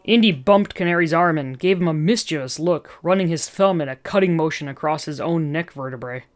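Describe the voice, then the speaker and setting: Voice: mid-range voice, a little fast. A reader narrating a fan story aloud, breaking in with chatty asides and chuckles between passages.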